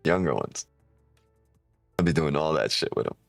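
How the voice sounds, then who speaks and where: A man's voice: very deep voice, lively intonation, moderate pace, creaky, no room sound, faint music behind. Profane, joking man streaming live. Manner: loud, profane, joking, laughs often. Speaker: day trading streamer. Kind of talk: casual live stream chat.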